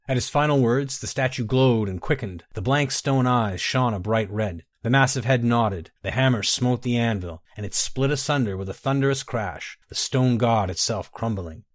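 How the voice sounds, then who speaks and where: A man narrates a fantasy book at a middling pitch, measured and steady with dramatic turns. The sound is close and dry, with no room around it. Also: no room sound. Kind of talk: scripted storybook narration.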